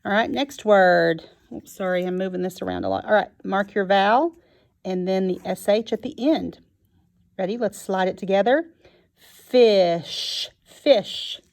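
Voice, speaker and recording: A woman teaching a phonics lesson to young children, sounding out each word slowly and clearly. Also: medium pitch. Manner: slow and clear, sounding out words.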